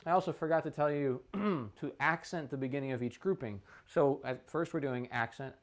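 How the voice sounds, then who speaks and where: A man in a practice room, explaining a trumpet warm-up in a relaxed, unscripted way, with his voice sitting in an ordinary middle pitch. He thinks aloud as he goes, with fillers and an occasional cleared throat. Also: normal speed. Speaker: trumpet teacher. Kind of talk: casual instructional talk.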